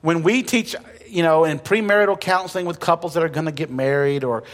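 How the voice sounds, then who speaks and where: A male pastor delivers a sermon in an easy, conversational manner, with light jokes and points he hammers home by repeating them. His voice sits a little high for a man. The long reverb of a church sanctuary hangs around every phrase. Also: a little fast. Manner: conversational preaching with humor and emphatic repetition.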